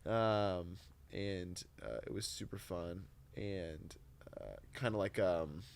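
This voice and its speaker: Animated young man, storytelling guest. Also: deep voice, slow, creaky, a little hiss or hum. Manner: animated storyteller, drops to a whisper when quoting. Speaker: podcast guest, Christian influencer. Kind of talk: casual chat.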